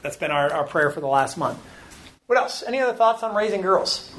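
A man's voice: high voice, expressive, brisk, a bit bright. Man in his forties, church class leader, chatty and self-deprecating, roomy room with faint hiss. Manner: earnest, self-deprecating, conversational. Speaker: church teacher leading a parenting discussion. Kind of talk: informal church talk with audience questions. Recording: echoey room, faint background noise.

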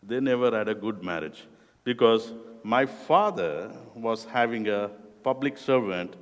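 A fairly low-pitched, middle-aged Indian man preaches slowly and deliberately, his phrasing that of a non-native speaker. He is a youth ministry director speaking as a guest to a youth group. The hall is echoey, and the recording has a lingering reverb.

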